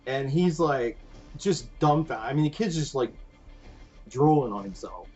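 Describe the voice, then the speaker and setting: A man guest on a podcast, telling a long story in an animated, rambling way full of fillers. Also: a little high, measured pace, slightly rough. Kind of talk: casual anecdote telling. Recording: dull lo-fi podcast audio with faint music.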